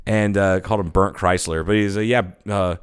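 A man's voice: low-pitched, steady tone, moderate pace, clear, resonant tone. A man co-hosting a podcast in casual chat, swearing freely and laughing often as he tells stories. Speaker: podcast co-host.

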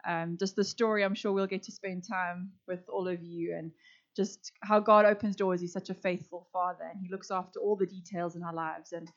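A woman's voice: fairly low pitch, flat delivery, normal speed, muffled recording. A woman with a South African accent introducing herself to a church, bubbly and heartfelt. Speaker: new church staff member.

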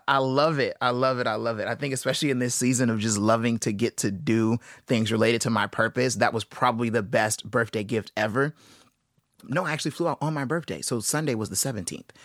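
A young man in his twenties hosting a podcast, telling stories in a casual, animated and enthusiastic way with playful asides. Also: on the low side, no room sound, studio quality. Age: 20s. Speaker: podcast host. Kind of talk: casual storytelling monologue.

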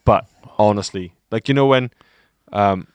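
A man's voice: lowish voice, a little slow, clean tone, no room sound. A man co-hosting a shop podcast, enthusiastic and jokey. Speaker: podcast co-host. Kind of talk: casual chat.

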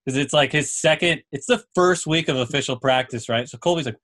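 A young man hosting a casual chat, telling a lively story and checking in with "right?" and "dude". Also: on the high side, a little fast, few pauses.

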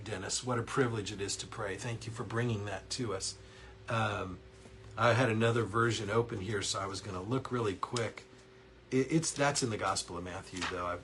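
A man teaches an online Bible lesson from his counseling office, in an even, middle-pitched voice. He talks with earnest energy and answers viewers' comments as he goes. A faint hum of the room sits behind him. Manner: earnest, animated, reads verses aloud and reacts to typed comments.

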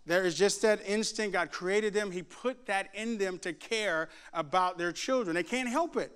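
A middle-aged pastor gives an animated sermon full of stories, joking and mimicking voices while the congregation laughs in church. His high-pitched voice is clear and resonant, at a moderate pace.

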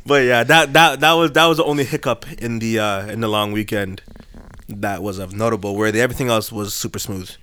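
A young man on a podcast, telling a long story in a laid-back, rambling way, with laughs that jump high. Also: a little fast, bright, forceful tone, clean tone. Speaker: podcast host. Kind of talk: casual storytelling chat.

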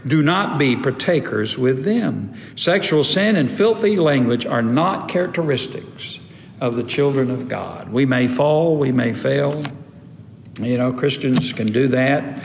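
A middle-aged man preaching a sermon as a pastor, emphatic, with long pauses and sudden drops to a low voice. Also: creaky, a little hiss or hum. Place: church sanctuary. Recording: echoey hall, faint room ambience.

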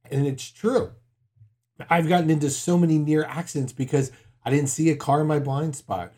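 A man in his forties preaching a sermon, earnest, mixing stories with quiet, emphatic points. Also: medium pitch, normal speed. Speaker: pastor.

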